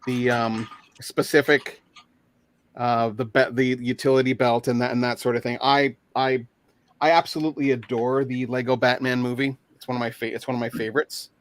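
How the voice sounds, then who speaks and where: A man chatting casually as a guest, talking haltingly with many fillers and restarts over a video call. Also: medium pitch, level tone. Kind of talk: casual chat.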